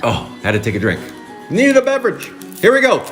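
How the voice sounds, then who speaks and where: A man hosts a live card break in a slightly high, excitable voice. He chats loosely with viewers and rattles off card names as he opens packs. Soft music runs faintly behind him. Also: a little fast.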